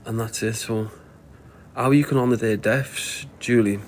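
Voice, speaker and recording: A man's voice: medium pitch, steady tone, measured pace, slight background noise. A middle-aged man with a Scouse accent, hosting a casual livestream and giving blunt, sweary life advice to viewers. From Liverpool, England. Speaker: live stream host answering viewer comments.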